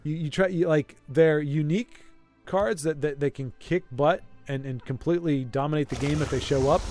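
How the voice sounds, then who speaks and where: Excitable young male card-game streamer. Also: fairly high pitch, music in the background. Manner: excitable, quick reactions and exclamations; jokey, rambling asides.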